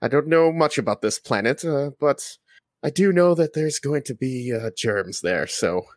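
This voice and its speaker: A man's voice: medium pitch, lively intonation, normal speed, no room sound, clean studio sound, natural voice. A man voicing a fussy, germ-fearing male medic who talks in a prim, squeamish way. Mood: prissy.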